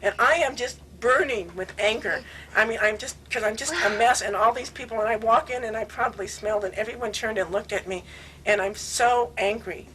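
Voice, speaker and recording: A woman in her sixties telling animated, laughing stories with many restarts in casual conversation. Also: a little high, a little fast, slight background noise, rough recording. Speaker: longtime devotee recounting memories. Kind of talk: casual storytelling.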